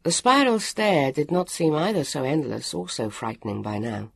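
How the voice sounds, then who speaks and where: A narrator reading a children's adventure story aloud with an expressive delivery. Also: mid-range voice, normal speed, creaky, breathy edge, no room sound, clean studio sound.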